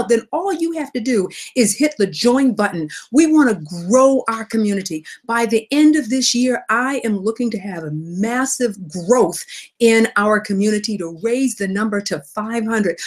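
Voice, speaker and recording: A woman hosting a live money broadcast, upbeat and energetic, repeating phrases for emphasis and greeting viewers by name. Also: sits high. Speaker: host of a live wealth broadcast. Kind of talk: upbeat live-stream talk.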